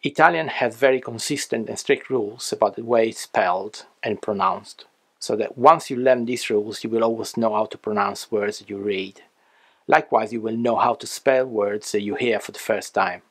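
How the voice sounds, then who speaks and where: A man's voice: on the low side, normal speed. A man teaching a language lesson, carefully spelling out letters and reading example words one by one.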